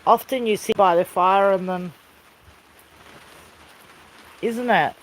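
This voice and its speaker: A woman's voice: mid-range voice, slow, a little hiss or hum, poor audio. A woman with an Australian accent chatting in a rambling, easygoing way outdoors by a fire, calling out now and then to people off camera. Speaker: vlogger. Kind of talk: casual chat. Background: rain falling.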